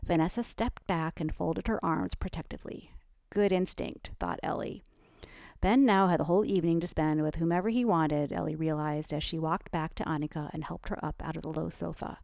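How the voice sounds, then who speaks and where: A woman narrating a novel in an even, measured storytelling manner. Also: deep voice, vocal fry, no room sound, clean studio sound. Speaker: audiobook narrator. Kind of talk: scripted narration.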